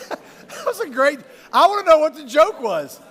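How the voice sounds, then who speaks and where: A man's voice: extremely high pitch, fairly bright tone. A middle-aged man speaking as a youth pastor, a jokey, rambling storyteller who laughs often at his own stories. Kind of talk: humorous talk to a live youth audience. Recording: long reverb of a large hall.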